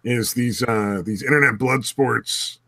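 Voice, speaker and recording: A man speaks at a middle pitch with a bright tone, earnest and measured in casual podcast talk. He swears now and then. The recording is dry and close. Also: fairly even intonation, no room sound. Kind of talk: casual chat.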